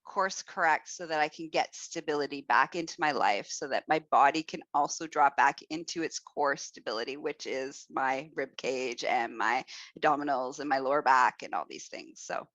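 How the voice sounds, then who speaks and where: A woman hosting a casual talk, speaking in an animated, expressive and blunt way. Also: extremely low pitch, moderate pace, dry recording, muffled recording. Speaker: podcast host. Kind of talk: casual chat.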